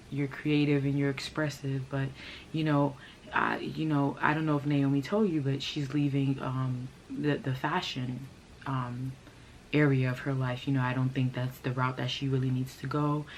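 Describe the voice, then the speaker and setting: A woman imitating a smooth-talking, condescending man, a controlling fiancé who pads every sentence with fillers. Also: very deep voice, steady tone, slight background noise. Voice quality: slow, smooth, filler-heavy "you know". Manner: patronizing, works the room.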